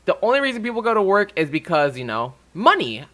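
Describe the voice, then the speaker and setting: A man's voice: sits high, very animated, fast, a bit bright. A young man ranting casually to his viewers, swearing freely and getting heated. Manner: profane and heated. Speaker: vlogger. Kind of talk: casual rant.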